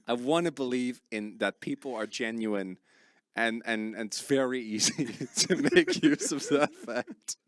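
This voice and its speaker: A man chats casually between esports matches, telling stories with a voice that leaps up when he gets excited. His pitch swings widely and the sound is dry and close. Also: measured pace, dry recording. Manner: animated storyteller, voice jumps high when excited. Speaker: esports caster. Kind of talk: casual chat between co-casters.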